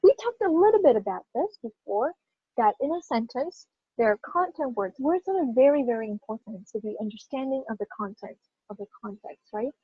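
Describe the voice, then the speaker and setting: A woman's voice: on the high side, lively intonation, fairly quick, slightly rough, no room sound, highs cut off. A woman teaching English pronunciation in a classroom lesson, speaking emphatically and checking in with her listeners often.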